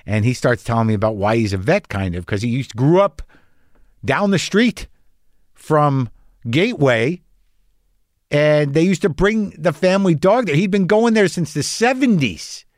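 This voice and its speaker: A man's voice: a little high, animated, measured pace, dry recording, clean studio sound. A man telling a rambling, anxious story in a casual monologue, swearing and restarting often, as a podcast host.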